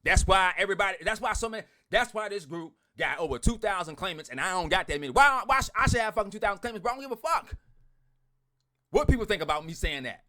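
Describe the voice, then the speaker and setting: A man's voice: sits high, expressive, fast. Swearing, fired-up man ranting. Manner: blunt, swearing, repeats himself and swings from loud to muttered. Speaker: online group leader. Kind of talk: heated profane rant to followers.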